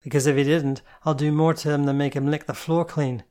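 A reader voicing a fierce, gruff woman who bellows and threatens. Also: medium pitch, level tone, a little fast, dark tone, close to an everyday voice. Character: fierce gruff woman, protective club worker. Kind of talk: audiobook character voice.

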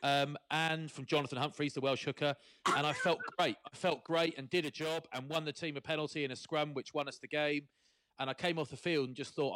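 Fast-talking man, chatty. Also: on the high side, steady tone, fairly bright tone, no echo. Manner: quick, chatty, enthusiastic. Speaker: podcast co-host. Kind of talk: casual chat.

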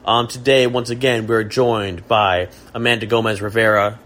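Jokey deadpan male podcast host. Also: lowish voice, moderate pace. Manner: jokey, deadpan mock-profound musing. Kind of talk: casual chat.

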